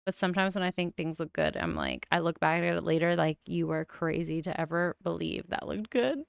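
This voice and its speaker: A woman's voice: fairly low pitch, very animated, a little fast, gravelly, smooth, dry recording, clean studio sound. Chatty woman streamer with a mild lisp. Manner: chatty, musing aloud with frequent oohs. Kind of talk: casual game-building commentary.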